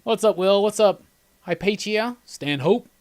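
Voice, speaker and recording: A man's voice: high-pitched, animated, a little slow, darkish tone. A man hosting a live commentary, talking casually and enthusiastically, rambling and laughing as he chats with viewers. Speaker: host of live movie commentary.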